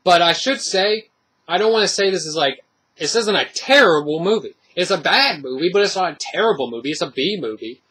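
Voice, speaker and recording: A man's voice: high-pitched, lively intonation, brisk, bright, forceful tone, breathy edge. A man giving a casual, rambling spoken movie review, full of fillers and restarts.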